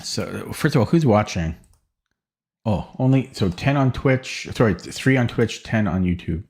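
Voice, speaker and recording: A man's voice: fairly low pitch, lively intonation, moderate pace, a little mellow. A man streaming a chess game, thinking aloud hesitantly and often stammering or repeating words. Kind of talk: live-stream chess commentary.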